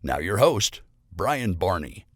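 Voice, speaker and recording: A man's voice: low-pitched, very animated, takes it slowly, fairly bright tone, breathy edge, no room sound, clean studio sound. A man announcing the host in a recorded show intro.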